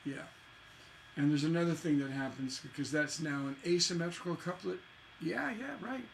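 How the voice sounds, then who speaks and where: A man's voice: on the high side, moderate pace, gravelly, a little hiss or hum. A man teaching a songwriting lesson in a chatty way, scatting rhythms with "da da da" to show the stresses.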